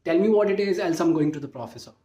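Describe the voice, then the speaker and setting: A man's voice: on the high side, quick pace, warm tone, close to an everyday voice. A man playing a blunt, suspicious classmate. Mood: accusing. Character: suspicious young male classmate. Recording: roomy, distant mic, faint hiss.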